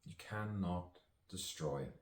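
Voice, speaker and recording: A man with a deep voice speaks slowly, improvising spoken-word poetry with a playful, reflective air and chuckles between lines. He is an actor and poet, and the sound is roomy and distant.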